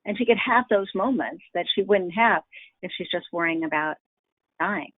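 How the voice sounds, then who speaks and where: A woman's voice: lowish voice, moderate pace, slightly rough, no room sound, phone-quality sound. A woman hosting a conversational interview, affirming and building on her guest's points. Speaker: interviewer, host.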